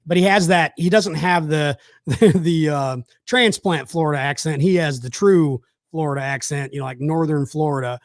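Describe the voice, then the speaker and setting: A man's voice: fairly high pitch, no room sound, studio quality. A man hosting a casual chat, telling rambling, enthusiastic stories with lots of fillers. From South Georgia, USA. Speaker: host.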